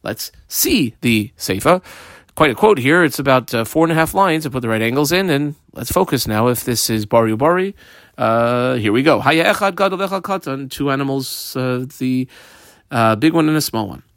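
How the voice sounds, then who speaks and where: Lively man teaching Talmud, dry close sound. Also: mid-range voice, moderate pace, no room sound. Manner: explains text step by step, translating phrases, with many fillers. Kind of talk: daily Talmud study lesson.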